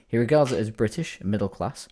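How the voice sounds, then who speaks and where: A man's voice: on the low side, animated, fairly quick, warm tone, husky. A man co-hosting a casual chat, reading out notes about where a phrase comes from, with chatty trailing restarts. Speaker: podcast co-host.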